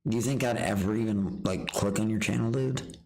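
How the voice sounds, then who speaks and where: Brash low-voiced male streamer. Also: fairly quick, darkish tone, poor audio. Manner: boastful, profane trash talk; rambling with restarts. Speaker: livestreamer. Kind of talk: rambling livestream rant.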